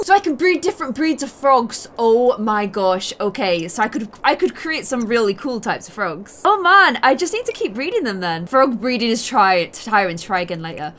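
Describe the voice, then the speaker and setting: A woman's voice: fairly high pitch, fairly bright tone. Giggly woman chatting through a game. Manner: chatty, giggly, self-mocking. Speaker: gaming YouTuber. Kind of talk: Let's Play commentary.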